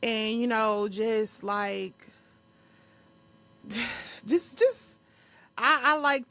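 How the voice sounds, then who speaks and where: A woman's voice: on the high side, very slow, a bit bright. A young woman hosting a solo podcast, talking off the cuff in a blunt, profane way and laughing often. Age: young adult. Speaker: podcast host. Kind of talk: unscripted solo podcast monologue.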